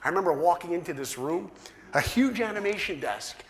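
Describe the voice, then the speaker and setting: Man, animated storyteller, slightly high voice, echoey hall. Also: a little fast. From New York. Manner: animated, acts out dialogue with big pitch swings. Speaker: speaker. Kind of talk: storytelling talk to an audience. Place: large hall. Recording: roomy hall echo.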